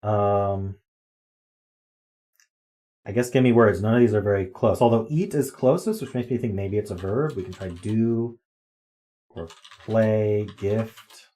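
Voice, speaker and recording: A man's voice: on the low side, unhurried, long pauses, dark tone. A man streaming live, chatting casually as he works through word games and thinks aloud with ums and guesses. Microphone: desk microphone.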